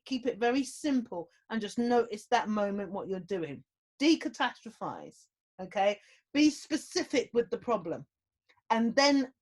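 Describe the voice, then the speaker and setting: Animated woman sharing coping tips. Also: on the high side. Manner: animated, laughs often while telling stories. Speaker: guest giving mental health advice. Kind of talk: casual interview talk.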